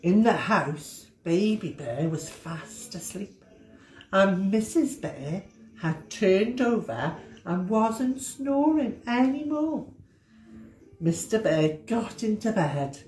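Woman teacher, storytime read-aloud; slow, animated, playful sound effects; roomy echo. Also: mid-range voice. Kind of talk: reading a picture book aloud to children.

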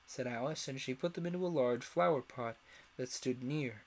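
A man reading a classic children's story aloud in an expressive way, with the odd slip. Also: mid-range voice, moderate pace. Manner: expressive, animated read-aloud with small slips. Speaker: storyteller, streamer.

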